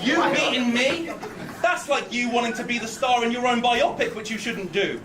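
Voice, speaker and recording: A man's voice: very high-pitched, normal speed, noisy background. A man performing a rap battle, delivering insult punchlines while chuckling. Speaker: battle rapper. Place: live battle rap event. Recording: echoey live event audio from far off, loud crowd.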